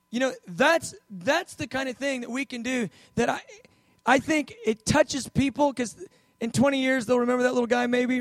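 A man with a strikingly high voice preaches a sermon, telling stories in an easy conversational way. He leans into key words by slowing right down. The sound is close and dry, with no room echo. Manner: conversational storytelling, emphatic slow stresses.

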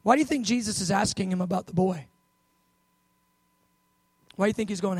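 A man preaching a sermon, acting out Bible scenes with loud bursts and hushed, tender asides. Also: high-pitched, fairly quick, slightly rough, no room sound, low-quality recording. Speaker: pastor.

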